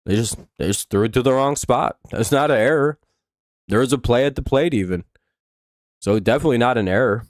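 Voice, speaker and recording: This young man is hosting a live stream where he watches baseball along with viewers, talking casually and venting at negative chatters with plenty of swearing and exasperation. His mid-range voice moves fairly quickly, and the studio-quality recording has no room sound.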